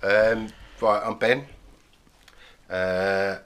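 A man with a southern English accent and a very low, deep voice talks as a podcast guest. He rambles through his story with many ums, "sort of" and "like". The delivery is casual and unhurried. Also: fairly even intonation, fairly bright tone. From southern England. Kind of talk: casual interview talk.

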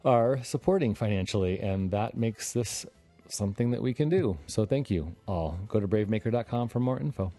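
A man hosting a podcast in casual chat, upbeat and jokey, with quick asides. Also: on the low side, animated, warm tone, soft background music. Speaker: podcast host.

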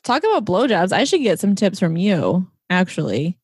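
A woman's voice: on the low side, sing-song, normal speed, a little mellow, slightly rough, dry recording, studio quality. A woman co-hosting a podcast in casual chat, frank and profane, teasing her friend. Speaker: podcast co-host.

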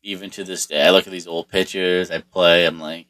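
A man's voice: low-pitched, level tone, fairly quick, a bit bright. A middle-aged man telling a personal story in a rambling, profane way, full of restarts and fillers. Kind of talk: casual storytelling monologue.

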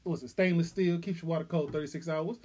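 A man co-hosting a casual podcast, speaking, telling stories with loud laughs and acted-out quotes. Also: on the high side, fast talker, slightly rough. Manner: excitable storyteller, loud laughs, acts out quotes. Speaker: podcast co-host. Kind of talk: casual chat.

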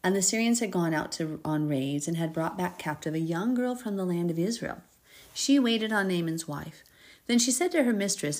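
A woman hosting a Bible podcast, reading scripture aloud and breaking off into expressive, giggly commentary. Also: on the low side, moderate pace. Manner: expressive, giggly, acts out characters in paraphrase.

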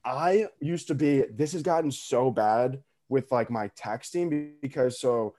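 A man's voice: mid-range voice, unhurried, dark tone, soft background music. A young man in casual podcast chat, rambling with many fillers and swearing as he tells stories. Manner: rambling, filler-heavy, profane, laughing storytelling. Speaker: podcast co-host, social media creator.

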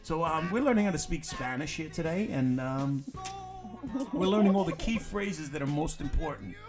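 A man's voice: a little high, expressive, moderate pace, over music. A man hosting a talk show, joking and teasing his caller in a crude, playful way. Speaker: radio show host. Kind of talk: crude comedic banter.

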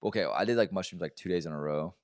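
A young man co-hosting a podcast, telling stories fast and swearing a lot in casual chat. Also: low-pitched, no room sound, studio quality. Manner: fast-talking, swears a lot, animated storytelling. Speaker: podcast co-host.

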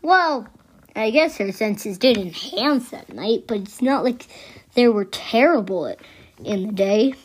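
A woman improvising a spoken story, with halting delivery and frequent restarts. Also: mid-range voice, lively intonation, slightly rough. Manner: halting, with many restarts and soft asides.

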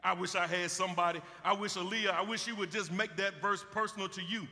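A man's voice: high voice, fairly even intonation, fast, few pauses, bright, forceful tone. A man preaching a sermon as pastor, passionate, repeating himself and calling out to the congregation. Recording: reverberant hall sound, live stream.

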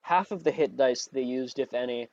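A man's voice: medium pitch, normal speed, darkish tone, dry recording, muffled recording. A man running a tabletop game as game master, narrating scenes and patiently explaining rules, correcting himself as he goes.

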